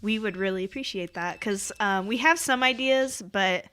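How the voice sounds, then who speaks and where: Female co-host, bright tone, friendly and chatty, casual podcast talk. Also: medium pitch, moderate pace, smooth. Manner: chatty and friendly, many fillers. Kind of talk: casual chat.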